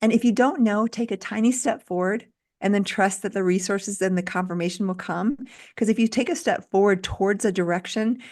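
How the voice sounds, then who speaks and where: A woman's voice: lowish voice, darkish tone. A middle-aged woman, a doctor being interviewed, talking earnestly and encouragingly as she lays out lessons step by step. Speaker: guest doctor. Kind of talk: interview conversation.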